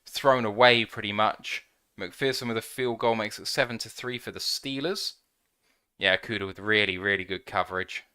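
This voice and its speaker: A man hosting a live fan watch-along, commenting on the game play by play and getting loud and excited at big plays. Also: lowish voice, normal speed, clean tone. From United Kingdom. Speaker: fan podcast host.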